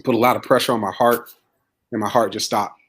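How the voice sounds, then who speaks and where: A man who is a podcast guest, telling his own story in a plain, low-key way. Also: fairly even intonation, brisk, a bit bright, husky. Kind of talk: casual chat.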